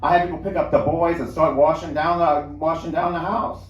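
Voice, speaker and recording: A man's voice: fairly high pitch, level tone, a little fast, lo-fi sound, close to an everyday voice. A man reading aloud, voicing a young husband who talks in an easygoing, drawling dialect. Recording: roomy lounge, mic at a distance.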